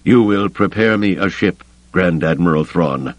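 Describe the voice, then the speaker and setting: A man voicing an unstable older male Jedi Master who speaks slowly and imperiously, in an audiobook reading. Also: deep voice, lively intonation, no room sound. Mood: curt. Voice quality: slow, deliberate, commanding.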